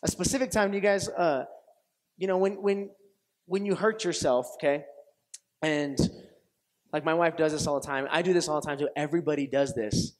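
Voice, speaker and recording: This pastor's sermon runs at a moderate pace with frequent pauses, his fairly high voice shifting from animated, acted-out dialogue full of laughter to quieter reflection. He repeats himself, restarts phrases, and asks listeners questions like whether it makes sense.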